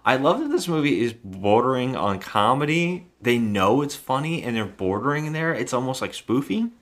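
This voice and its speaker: A man's voice: mid-range voice, expressive, moderate pace. A man co-hosting a movie podcast, retelling scenes in casual chat and acting out characters' lines. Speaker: podcast co-host.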